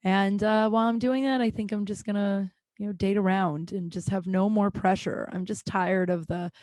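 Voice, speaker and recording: A woman's voice: mid-range voice, fairly even intonation, normal speed, a little mellow, dry recording. A woman hosting her own podcast in casual solo chat, rambling and self-deprecating, swearing freely with lots of ums and restarts. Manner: frequent filler words and restarts. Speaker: podcast host.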